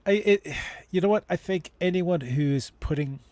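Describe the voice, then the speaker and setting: A man's voice: sits high, a little slow, a little mellow, no room sound. A man hosting a casual livestream advice chat, talking in a rambling way with many restarts and fillers. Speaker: host.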